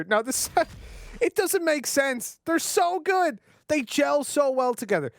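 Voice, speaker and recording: Animated Irish esports caster, fairly high voice. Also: male voice, slight background noise. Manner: animated, chatty and joking. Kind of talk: esports color commentary.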